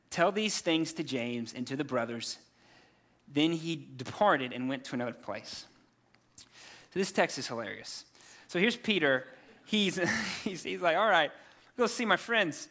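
A man in his thirties preaching a sermon, telling scripture stories in a lively, humorous way and acting out the characters. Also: fairly high pitch. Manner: animated storytelling, acts out scripture characters with humor. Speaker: pastor.

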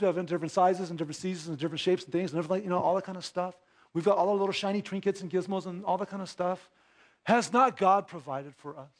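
High-voiced man preaching a sermon. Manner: conversational preaching, rhetorical questions, acted-out dialogue. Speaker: pastor. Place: church sanctuary.

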